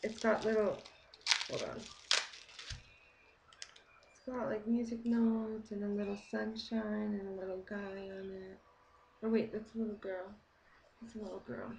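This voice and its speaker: A young woman chatting excitedly while opening a gift package, gasping and gushing over each item. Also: medium pitch, vocal fry, slight background noise, poor audio. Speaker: beauty vlogger. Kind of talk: excited unboxing chat. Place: home kitchen.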